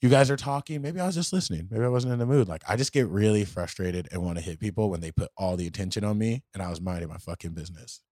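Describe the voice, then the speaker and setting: A young man on a podcast, telling stories in a blunt, profane, animated way. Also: fairly low pitch, quick pace, few pauses, dry recording, clean studio sound. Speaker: podcast co-host. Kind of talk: casual chat.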